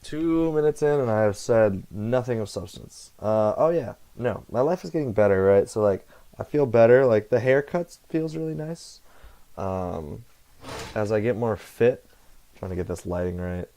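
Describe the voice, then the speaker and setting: A man's voice: fairly low pitch, animated, moderate pace, mellow. A young man rambling casually to camera, meandering, swearing often and correcting himself as he goes. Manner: meandering, profane, self-correcting. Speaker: vlogger. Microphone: computer headset setup.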